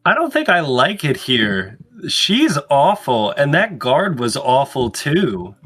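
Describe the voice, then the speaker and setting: A man playing an anxious misfit in a tabletop game who rambles and second-guesses himself. His pitch swoops widely as he frets. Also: huge pitch swings, slow, a bit bright, breathy edge, faint music behind. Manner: nervous, rambling, self-doubting. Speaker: player. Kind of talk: in-character tabletop role-play.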